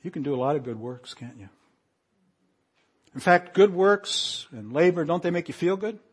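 Male pastor, sermon delivery, somewhat high pitch, dramatic dynamic swings, reads scripture with emphasis. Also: expressive, moderate pace, breathy edge. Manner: preaching with dramatic swings between hushed and raised emphasis.

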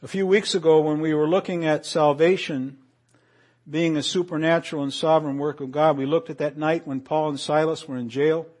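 A pastor preaching a sermon, reading scripture aloud and swinging between hushed lines and raised, emphatic passages. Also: male voice, fairly high pitch, fairly even intonation, fairly quick.

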